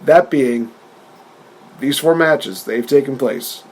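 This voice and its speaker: A man's voice: medium pitch, expressive, slow, darkish tone, slight background noise. A man co-hosting a podcast in casual chat, retelling events animatedly and often laughing. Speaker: podcast co-host.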